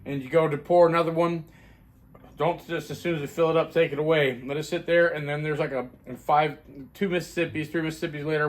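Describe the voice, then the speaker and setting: A man reviewing his own homebrewed beer in a casual chatty video, rambling with fillers and restarts. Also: on the high side.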